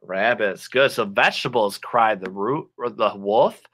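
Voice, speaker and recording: A man teaching a children's English class online in a playful, animated way, with sound effects. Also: lowish voice, unhurried.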